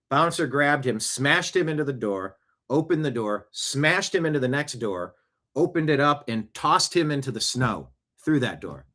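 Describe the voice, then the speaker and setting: A man talking in an ordinary mid-range voice, hosting his own show. He tells stories casually, with lively bursts of energy. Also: mid-range voice, normal speed. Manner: chatty, animated storyteller. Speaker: show host. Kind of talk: casual storytelling monologue.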